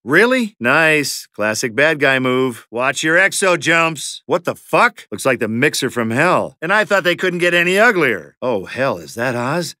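A wisecracking, foul-mouthed mercenary. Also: male voice, medium pitch, very animated, unhurried, hardly any pauses, pushed and bright, no echo, clean studio sound. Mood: sarcastic, combat. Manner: wisecracking, profane, sardonic. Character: sarcastic, foul-mouthed male mercenary in a zombie fight. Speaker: video game character. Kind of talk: game voice lines.

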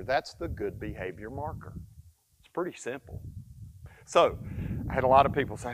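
A folksy man in his sixties teaches dog training in a loose, chatty vlog, repeating himself and snapping out firm commands to his dog. His delivery is lively and full of swings in pitch, and his voice sits in an ordinary middle register. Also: normal speed, pauses often. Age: 60s. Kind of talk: casual instructional vlog.

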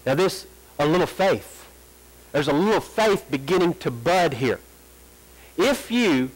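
High-voiced preaching man. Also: lively intonation, poor audio. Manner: preaching with rising emphasis, drawn-out quoted prayers. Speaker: pastor. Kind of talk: sermon. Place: church sanctuary.

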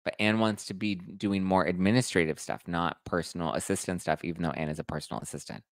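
A man hosting a casual live stream, reading viewer comments aloud with animated mock outrage. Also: sits low, fast talker, creaky, no room sound, clean studio sound. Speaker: host reading live chat.

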